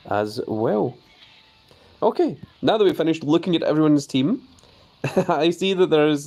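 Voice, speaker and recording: A man hosting a casual live stream of a game, chatting about his cards and reading viewer messages aloud before answering them. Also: on the low side. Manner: easily excited, voice jumps up on greetings.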